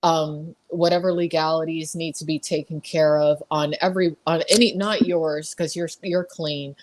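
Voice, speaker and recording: A woman with a fairly low voice hosts the chat. She speaks in a measured, reassuring way, stumbling and repeating words as she searches for her advice. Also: fairly even intonation. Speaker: podcast host.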